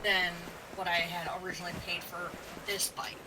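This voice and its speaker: A woman's voice: on the low side, little pitch movement, normal speed, background noise. A woman chatting casually with friends, frank and complaining. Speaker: friend on call. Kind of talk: casual chat.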